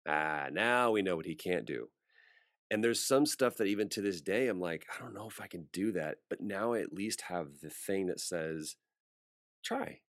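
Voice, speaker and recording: A man's voice: deep voice, normal speed, a bit bright, dry recording, studio quality. A male voice actor in an interview, telling a story casually and acting out the voices of the people in it. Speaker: voice actor guest.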